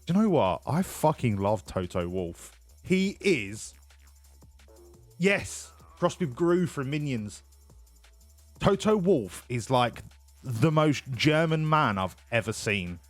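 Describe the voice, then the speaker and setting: A man's voice: medium pitch, big pitch swings, takes it slowly, dry recording, faint music behind. A man casually commentating a game on a live stream, joking, swearing and laughing often. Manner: jokey, profane, laughs often.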